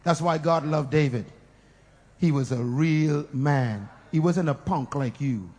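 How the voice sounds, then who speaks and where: A male preacher. He swings between booming shouts, laughter and low teasing asides, pulling the congregation into call-and-response. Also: a little slow. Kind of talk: sermon.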